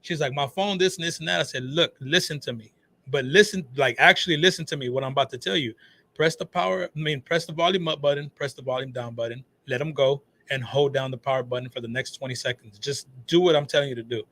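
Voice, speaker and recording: A man, a phone repair shop owner guesting on a talk show, telling animated stories full of swearing and acted-out quotes. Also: mid-range voice, fast talker. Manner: animated storyteller, swears freely, acts out quotes. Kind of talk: casual talk show chat.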